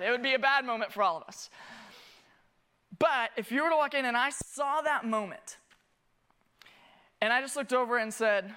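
A man preaching as a family pastor. He tells lively stories, pokes fun at himself and acts out the scenes he describes. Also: extremely high pitch, clear, resonant tone. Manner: animated, self-mocking, acts out scenes. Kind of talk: sermon with personal storytelling.

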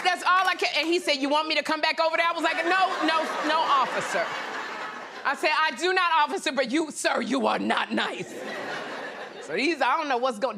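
A woman talk show host doing a comedic monologue on the news, animated and laughing, slipping into squeaky high impressions. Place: television studio with live audience. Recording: studio audience cheering and noise behind.

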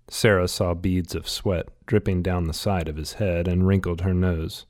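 A man reading a novel aloud in steady, scripted audiobook narration. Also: deep voice, moderate pace, few pauses.

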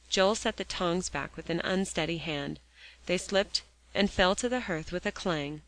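A woman reading a children's novel aloud in steady storybook narration. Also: fairly low pitch, moderate pace, no room sound, poor audio. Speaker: audiobook reader.

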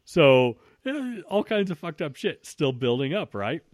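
A man's voice: on the high side, a little slow, no room sound. Brief: man, profane storyteller, lots of restarts, dry close mic. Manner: swears freely, frequent restarts, animated retelling.

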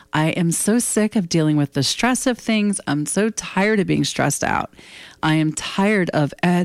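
A woman's voice: low voice, a little mellow, no room sound. Blunt, candid woman in her fifties. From United States. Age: 50s. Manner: blunt, candid and emotional, swears casually. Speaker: podcast host. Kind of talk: casual solo monologue.

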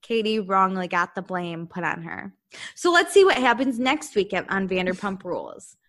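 A woman co-hosting a casual chat, recapping a reality show and acting out the cast's lines. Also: medium pitch. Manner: animated, acts out quotes in quick bursts. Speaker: recap podcast co-host.

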